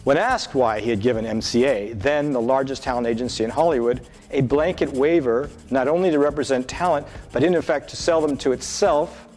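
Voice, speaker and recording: Male tutor, scripted lesson delivery, steady and explanatory, soft music under. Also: medium pitch. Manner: measured, explanatory, reads answer choices aloud. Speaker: SAT tutor. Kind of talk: scripted test-prep lesson.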